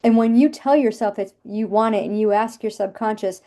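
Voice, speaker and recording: A woman's voice: mid-range voice, fairly quick, warm tone. A woman in her fifties, a business coach giving an emphatic, repetitive motivational talk over a video call.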